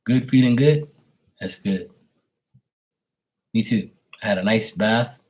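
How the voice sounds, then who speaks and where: A man on a live stream at home, greeting viewers by name in a relaxed, affectionate way. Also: fairly low pitch, takes it slowly. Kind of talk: casual live-stream chat.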